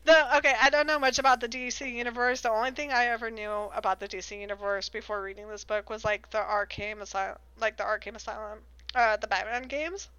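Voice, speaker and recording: Bright, clear-voiced woman chatting casually. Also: a little high, fairly even intonation, fast, dry recording. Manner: giggly, rambling, sarcastic. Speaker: podcast co-host recapping a book. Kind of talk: casual chat.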